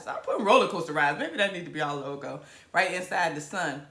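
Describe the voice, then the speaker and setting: Animated woman hosting a live stream. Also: sits low, a little fast. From Virginia, US. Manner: animated, playful, southern-tinged slang with hype-up exclamations. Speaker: comedian and show host. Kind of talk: casual live-stream chat. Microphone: camera mic on a live stream. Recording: roomy echo.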